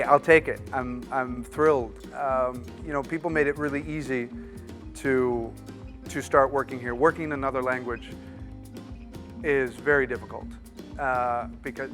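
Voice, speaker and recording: Man, actor guest, casual chat, relaxed, self-deprecating, stammering restarts, faint music behind. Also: mid-range voice.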